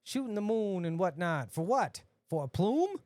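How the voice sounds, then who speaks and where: A podcast host, a man, ranting casually and profanely, dropping to mutters and then bursting out loud. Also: sits high, big pitch swings, normal speed, no echo. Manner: profane, ranting, swings between mutters and outbursts.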